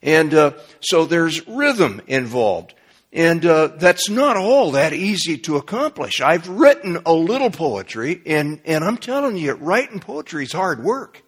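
Husky-voiced preacher guy, slightly high, chatty sermon, keeps asking "okay?", gets louder and higher when worked up. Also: a little slow. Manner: conversational, asks the congregation "okay?"; rises in pitch and volume when animated.

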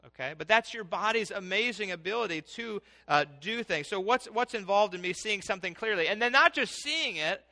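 High, bright-voiced preacher. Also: male voice. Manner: animated, conversational, asks the audience questions. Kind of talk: sermon.

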